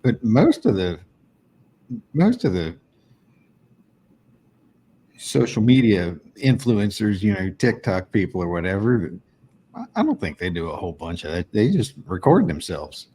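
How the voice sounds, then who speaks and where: A man's voice: fairly low pitch, big pitch swings, measured pace, long pauses, warm tone, husky. A man co-hosting a podcast, teasing his co-host in casual, profane banter.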